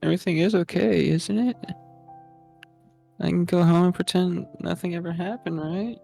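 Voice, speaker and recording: Brief: fragile schoolgirl hiding pain behind cheer, as a player reads her lines, plain read, middle pitch. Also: steady tone, moderate pace, vocal fry, dark tone, soft background music, lightly acted. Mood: pleading. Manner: plain reading with little acting. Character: fragile teenage girl forcing cheerfulness. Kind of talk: reading game dialogue aloud.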